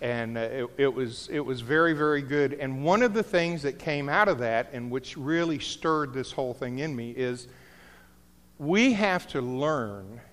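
A middle-aged pastor preaches a sermon in a mid-range, fairly bright voice, spinning a story with jokey asides. The recording has the long reverb of a large hall.

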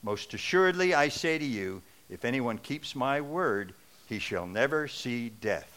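A composed teacher answers his accusers calmly and with quiet authority, as a preacher reads the lines aloud. The delivery is measured and deliberate, carried on a bright, firm voice. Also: medium pitch. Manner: calm, measured. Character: calm, assured male teacher answering critics.

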